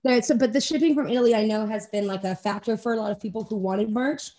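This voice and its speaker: A woman's voice: a little high, fast, mellow. A young woman chatting casually as a radio guest, bubbly and rambling, with jokey asides. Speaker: guest, band singer and music manager. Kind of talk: casual radio interview chat.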